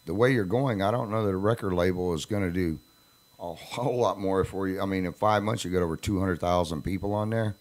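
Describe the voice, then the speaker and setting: Deep-voiced folksy older man host. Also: fairly quick, a little mellow. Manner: joking, folksy. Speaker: radio show host. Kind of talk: casual radio interview.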